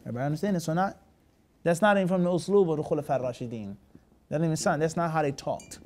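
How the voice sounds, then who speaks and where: Man, high voice, religious teacher, classroom lesson, frequent check questions, Arabic terms in English. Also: very fast, darkish tone. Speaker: Islamic teacher.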